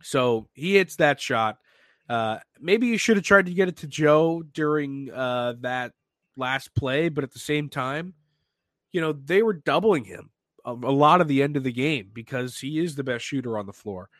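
A man hosting a sports podcast, talking in an animated, excitable way with lots of restarts. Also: mid-range voice, normal speed, dry recording. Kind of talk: casual sports talk.

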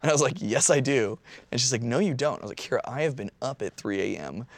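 Man in his thirties, casual storyteller, lively pitch, dry close sound, laughs and swears. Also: fast, no echo.

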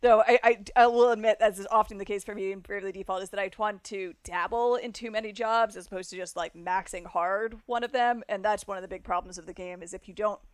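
A woman from South Florida co-hosts a casual game podcast, talking in a loose, rambling way packed with fillers and easy laughter. Her voice sits at an ordinary middle pitch and sounds close and dry, with no room around it. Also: fairly even intonation, clear, resonant tone, no echo. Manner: chatty and rambling, many fillers, quick to laugh. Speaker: podcast co-host.

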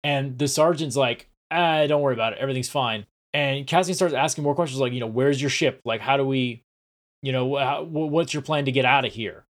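Laid back podcast dude recapping an episode, normal pitch, kinda stumbles over words sometimes. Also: male voice, brisk. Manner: relaxed, casual, with some stammering restarts. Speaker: podcast co-host. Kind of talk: casual recap chat.

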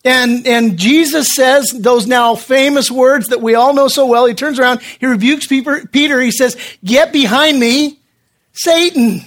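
A man's voice: extremely high pitch, steady tone, moderate pace, few pauses, a bit bright. Man preaching a casual, conversational sermon. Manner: conversational preaching with frequent restarts, acting out quoted voices. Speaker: pastor. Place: church room with congregation.

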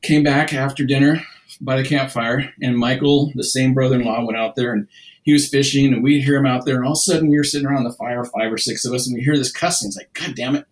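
Guy rambling thru a fishing story, lots of restarts, middle-pitched voice. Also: fairly even intonation, fast talker, low-quality recording. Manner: rambling anecdotes with many restarts and acted-out quotes. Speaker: guest. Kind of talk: casual storytelling.

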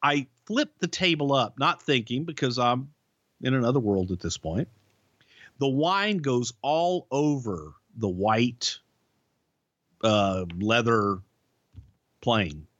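A man's voice: mid-range voice, expressive, slow pace, long pauses, fairly bright tone, no echo. Profane, rambling man spinning road stories. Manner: profane, rambling anecdotes with restarts. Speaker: podcast co-host, former wrestling writer. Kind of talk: casual storytelling. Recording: dull, lo-fi podcast audio.

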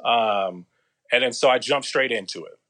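A man spins a long, loose story in a relaxed interview, heavy on slang and swearing. He rambles and restarts, then slips into quick impressions of other people. His voice sits at an ordinary middle pitch for a man. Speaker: guest.

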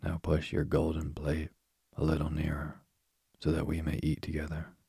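A man voicing a small, insistent male frog in a calm, low, unhurried storybook reading. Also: creaky, husky, no room sound, clean studio sound, heavily acted. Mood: pleading, insistent.

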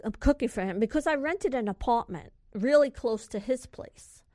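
A woman in her forties from California, a guest telling a tense story in an interview, lively and confiding. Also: a little high, normal speed, no echo, studio quality. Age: 40s.

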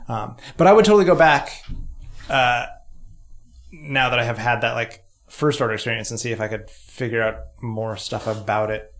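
A man's voice: mid-range voice, moderate pace, gravelly, a bit bright. A man co-hosting a podcast in casual chat, rambling and joking with plenty of fillers. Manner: rambling, jokey, many fillers. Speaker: podcast co-host. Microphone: studio mic.

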